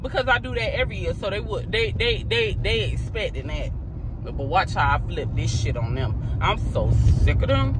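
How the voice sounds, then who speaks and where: Woman ranting, animated and profane. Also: fairly low pitch, normal speed, very noisy. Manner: exasperated, profane, venting. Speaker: vlogger and mother. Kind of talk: ranting vlog. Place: parked car.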